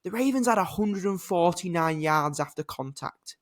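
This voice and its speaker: A man's voice: sits high, animated, moderate pace. A British man co-hosting a sports podcast, ranting animatedly in casual chat and swearing now and then. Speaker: podcast co-host.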